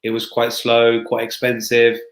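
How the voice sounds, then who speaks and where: A man's voice: medium pitch, completely flat delivery, measured pace, reverberant, low-quality recording. A man speaking as a guest consultant in a casual chat, chatty, with frequent restarts and fillers.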